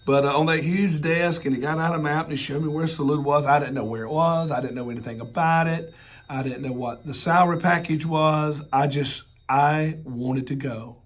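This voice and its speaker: A man with a Southern accent, hoarse from laryngitis, preaching a personal storytelling sermon in a folksy way, with joking asides and repeated rhetorical questions. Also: fairly high pitch, moderate pace. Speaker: pastor.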